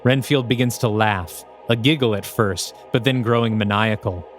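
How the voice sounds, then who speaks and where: A man co-hosting a podcast, reading aloud a screenplay he wrote in steady, descriptive narration. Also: fairly low pitch, normal speed, soft background music. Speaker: podcast co-host.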